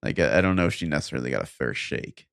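A man's voice: rumbling low, lively intonation, racing, gravelly, a bit bright, clean tone, dry recording. A man co-hosting a casual podcast chat, making dry, wry jokes. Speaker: podcast co-host. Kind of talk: casual chat and mock reading.

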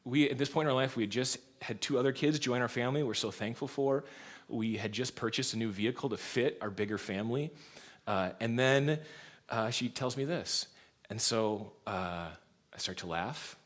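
A man's voice: medium pitch, normal speed. A man in his thirties, a pastor preaching a sermon in a church, telling stories and laughing along. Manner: storytelling, laughs often, lively shifts in loudness.

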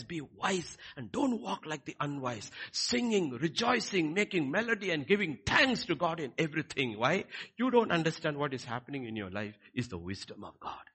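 A man preaching a sermon, swinging between quiet lines and loud, emphatic ones. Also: fairly high pitch, husky. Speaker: pastor.

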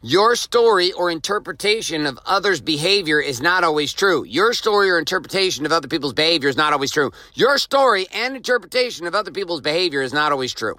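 A man's voice: on the high side, animated, quick pace, few pauses, bright, forceful tone, no room sound, poor audio. A man hosting a motivational podcast, telling a story and repeating his main point with emphasis. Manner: emphatic, repeats key lines. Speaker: podcast host. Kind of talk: motivational monologue.

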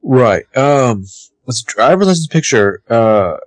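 A man co-hosting a podcast, recapping a TV episode in casual, animated chat. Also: medium pitch, unhurried, no echo. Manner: chatty, animated, swears casually.

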